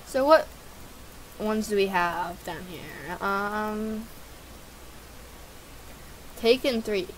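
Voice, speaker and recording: A woman giving excitable gameplay commentary as a gaming channel host, yelping and shouting at the game. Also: medium pitch, extremely slow, pauses often, a little hiss or hum, poor audio.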